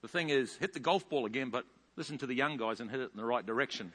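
A man in his fifties with a New Zealand accent, preaching a sermon as a pastor, telling stories animatedly and rising into loud bursts. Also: medium pitch, quick pace, slight background noise. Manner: animated storytelling with big loud rises. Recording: long hall reverb.

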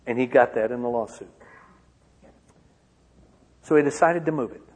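A man from Michigan giving a personal testimony to an auditorium, swinging from loud outbursts to hushed lines. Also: mid-range voice, moderate pace, husky. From Michigan, USA. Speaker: speaker. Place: large auditorium. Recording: long hall reverb.

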